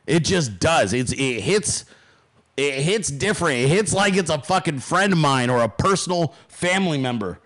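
A man's voice: a little high, expressive, normal speed, fairly bright tone. A man hosting his podcast, delivering a heated political rant full of profanity and emphatic repetition. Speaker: podcast host.

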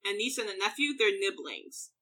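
Bright-voiced young woman, easygoing. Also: medium pitch, normal speed. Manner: easygoing, explains things, laughs often. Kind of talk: casual chat.

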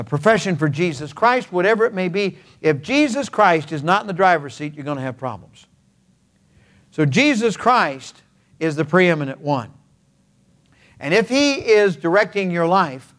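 A man preaching a sermon as pastor, in a folksy, conversational way with homespun examples and playful sound words. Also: high-pitched. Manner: frequent hesitant fillers and restarts.

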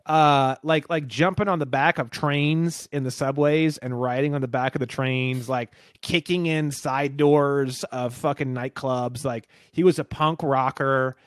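A man hosting a podcast in casual chat, telling stories excitedly and swearing freely. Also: medium pitch, measured pace, few pauses, clean tone, no room sound, studio quality. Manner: swears a lot, excitable storytelling, does impressions. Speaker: podcast host.

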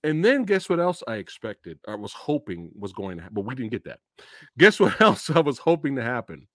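A man hosting a casual livestream movie review, excitable and profane, often bursting into high laughter. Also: a little fast, no room sound, studio quality. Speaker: podcast host.

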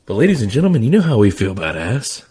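A man hosting a sports talk podcast, hyped and theatrical, breaking into shouts. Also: fairly low pitch, sing-song, rapid-fire, heavy background noise. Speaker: podcast host.

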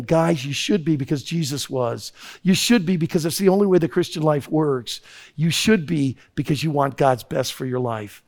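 A man's voice: fairly high pitch, lively intonation, moderate pace, a little mellow. A man preaching a sermon to young people, emphatic and repetitive, weaving in a story.

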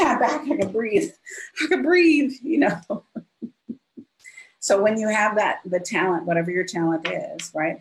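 A woman's voice: sits low, low-quality recording. A middle-aged woman, a business coach guest on a podcast, telling stories animatedly, acting out quoted dialogue and often tagging lines with "right?". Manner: expressive, acts out quoted dialogue, frequent "right?". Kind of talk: animated storytelling in conversation.

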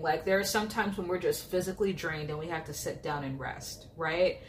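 Chatty woman nutrition coach, slightly low voice. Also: a little hiss or hum. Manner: chatty, informal, lots of "like" and "okay?". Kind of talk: casual educational talk to camera.

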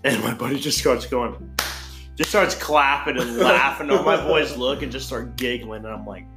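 A man's voice: mid-range voice, moderate pace. A young man telling a crude party story in casual chat, rambling and full of "like". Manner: rambling, crude, filler-heavy with frequent "like". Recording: echoey room with faint guitar music.

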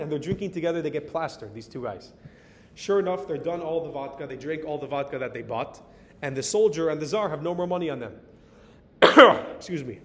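An American man telling a story in a sermon as a Torah teacher, animated and dropping in Hebrew and Yiddish words. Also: brisk. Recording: reverberant hall with faint rumble.

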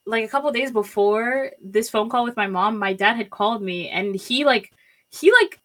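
A woman's voice: fairly high pitch, moderate pace. A young woman telling a personal story in casual chat, rambling with lots of fillers and acting out quotes. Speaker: storyteller guest.

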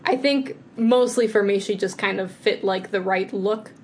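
A woman co-hosting a podcast, chatting casually with a mid-range voice. She talks in quick bursts, full of fillers and restarts. A faint hiss sits under her voice. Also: medium pitch, darkish tone. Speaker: podcast co-host. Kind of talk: casual chat.

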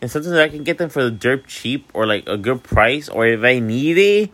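On his vlog, a yawning, sleepy Miami, Florida native in his twenties talks a little fast in a mid-range, slightly bright voice with lively intonation and no echo. The casual monologue is candid and rambling, heavy on fillers and free with swear words.

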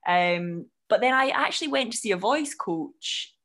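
A woman's voice: medium pitch, expressive, measured pace, fairly bright tone. Chatty Scottish woman. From Scotland. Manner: chatty, laughs often, restarts sentences. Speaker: broadcaster and podcast guest. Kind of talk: casual conversation.

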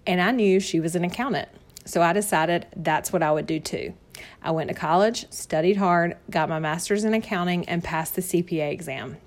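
A woman in her thirties with a Southern accent, hosting her own podcast from a home office. Her voice sits a little low, and she tells her story in a chatty, friendly way with easy laughs. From North Carolina. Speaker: podcast host. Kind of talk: personal story monologue.

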